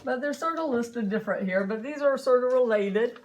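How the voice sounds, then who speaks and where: A woman's voice: fairly high pitch, moderate pace, a little mellow, a little hiss or hum. A woman teacher giving a chatty classroom lecture, often asking her students questions.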